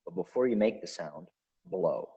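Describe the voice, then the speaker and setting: Low-voiced man teaching pronunciation. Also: expressive, warm tone. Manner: careful, deliberate, sounds out each example. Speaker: podcast host. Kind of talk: pronunciation lesson. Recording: dull lo-fi recording.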